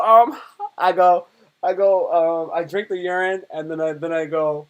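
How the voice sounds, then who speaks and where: A man's voice: on the high side, normal speed. A man live streaming, chatting casually and rambling, cutting himself off and joking as he talks to his viewers. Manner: rambling, self-interrupting, playful joking.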